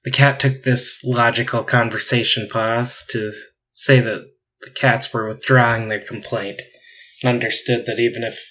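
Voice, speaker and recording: A man's voice: lowish voice, sharp tone, slight background noise. A man co-hosting a podcast, reading his sci-fi story aloud in a casual way and laughing at his own jokes. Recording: dull lo-fi recording.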